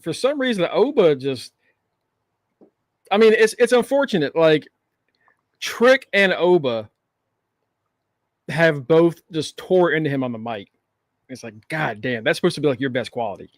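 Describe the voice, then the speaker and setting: A man co-hosting a casual wrestling recap, relaxed and quick to laugh. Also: fairly high pitch, no echo. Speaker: podcast co-host.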